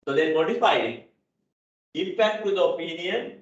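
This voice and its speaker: A man's voice: fairly high pitch, normal speed. Sri male lecturer in an echoey hall. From Sri Lanka. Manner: repeats key points, checks with "right?". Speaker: accounting lecturer. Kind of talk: classroom lecture. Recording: dull, echoey hall audio from a distance.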